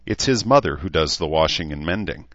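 A man reading an audiobook, voicing a brisk, friendly townswoman in a raised voice. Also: a bass voice, animated, a bit bright, no echo, lo-fi sound.

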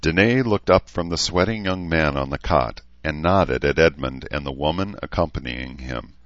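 A man narrating a novel in a measured, even storytelling manner. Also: extremely low pitch, no room sound, lo-fi sound. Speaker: audiobook narrator. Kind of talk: scripted narration.

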